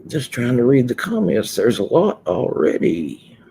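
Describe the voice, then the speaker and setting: A man's voice: mid-range voice, huge pitch swings, a little slow, gravelly, warm tone, slight background noise. A man hosting a casual livestream, chatting loosely and greeting viewers one by one from an indoor room. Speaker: livestream host. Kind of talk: casual live chat with viewers.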